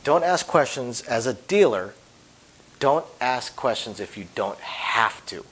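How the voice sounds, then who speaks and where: A man who deals craps, giving an emphatic instructional talk whose phrases often fade to a quiet drop at the end. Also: medium pitch, expressive, a little slow, husky, rough recording. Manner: emphatic, voice drops off at phrase ends.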